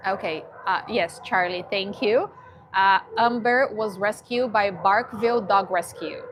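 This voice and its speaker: A woman's voice: medium pitch, noisy background. A woman chatting casually on a livestream from a dog shelter, emotional and cooing at a shy dog.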